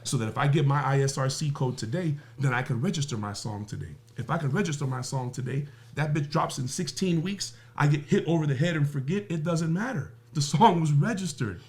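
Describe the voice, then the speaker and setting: Animated and brisk with few pauses, this highish-voiced man is a music business guest on a podcast. His talk is emphatic and profane, packed with rhetorical questions and everyday analogies.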